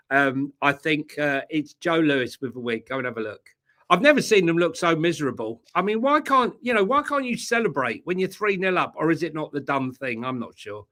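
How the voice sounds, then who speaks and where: A man's voice: a little high, sing-song, normal speed, sharp tone. A man co-hosting a casual football chat show, emphatic and teasing, full of banter. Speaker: co-host.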